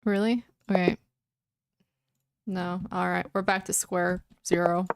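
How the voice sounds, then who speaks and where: A woman's voice: fairly low pitch, fairly even intonation, takes it slowly, no room sound, studio quality. A young woman streaming chess, muttering anxious, casual commentary to herself and repeating words as she plays. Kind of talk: casual live-stream commentary while playing.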